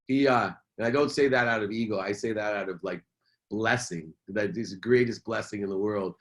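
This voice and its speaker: This podcast guest, a middle-aged motivational speaker and businessman, talks a little fast in a lowish voice. He recounts a personal story with earnest emphasis, repeating the phrases that matter most.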